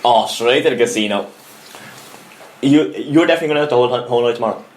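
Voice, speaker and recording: A young man with an Irish accent, co-hosting a casual podcast and telling animated stories, laughing as he goes. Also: mid-range voice, quick pace, a little hiss or hum. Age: young adult. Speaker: podcast co-host. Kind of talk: casual storytelling chat.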